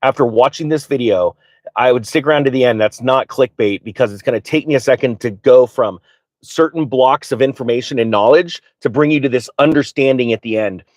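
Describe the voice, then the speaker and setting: A man hosting a live finance stream, talking off the cuff with excitement, often stumbling and restarting, and speaking straight to his viewers. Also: mid-range voice, brisk, dry recording. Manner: direct, addresses viewers and asks them to type answers. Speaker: finance livestream host. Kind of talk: live unscripted finance talk.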